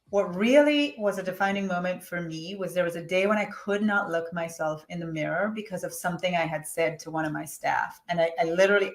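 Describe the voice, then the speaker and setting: A woman speaking in the middle of her range tells her story frankly and with emphasis. She swings dramatically between quiet, heavy moments and forceful outbursts. The recording has a lot of room echo. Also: mid-range voice. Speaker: guest, business coach. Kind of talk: personal storytelling in an interview. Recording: echoey room.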